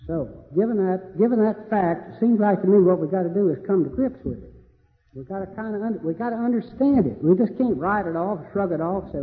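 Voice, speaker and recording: High-pitched guy, folksy joking debate talk, tinny recording in a big echoey hall. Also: lively intonation, a little fast. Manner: folksy, joking, repeats himself. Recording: tinny lo-fi audio in a reverberant hall.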